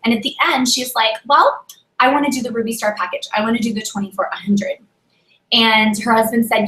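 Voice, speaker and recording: Animated woman telling a sales story. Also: fairly high pitch, normal speed. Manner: animated, acts out dialogue, exhorting. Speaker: direct sales leader. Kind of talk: motivational storytelling talk. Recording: roomy echo.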